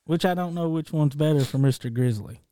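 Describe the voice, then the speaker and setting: A man's voice: a little high, a little fast, warm tone, a little hiss or hum. A man co-hosting a casual chat, making wry jokes.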